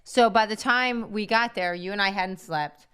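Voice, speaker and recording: A middle-aged woman co-hosting a casual chat show, telling travel stories in a lively way and laughing often. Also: medium pitch, clean tone. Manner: lively storytelling, quick to laugh. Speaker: co-host.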